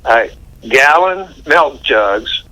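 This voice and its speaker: Older man with a bright, forceful voice. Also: medium pitch, expressive, very slow, low-quality recording. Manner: chatty, laughs while recounting, folksy. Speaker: interview guest. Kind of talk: anecdotal storytelling interview.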